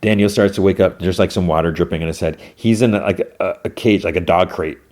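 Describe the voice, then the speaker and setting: A man's voice: low voice, fairly quick, darkish tone. A man hosting a podcast, casually recapping a TV episode scene by scene with loose quoted lines and lots of filler words. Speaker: podcast host.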